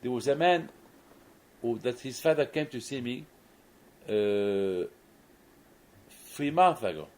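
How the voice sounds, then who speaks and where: A man's voice: medium pitch, animated, slow pace, long pauses, a little mellow, poor audio. A man, a rabbi, gives a sermon and tells a story, often restarting and repeating words, in non-native English phrasing.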